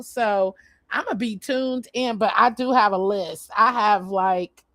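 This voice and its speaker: Woman rambling slow on a home livestream, lots of ums, dry close sound. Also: mid-range voice, fairly bright tone, no echo. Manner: chatty, rambling, lots of fillers. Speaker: vlogger. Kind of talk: casual live stream chat.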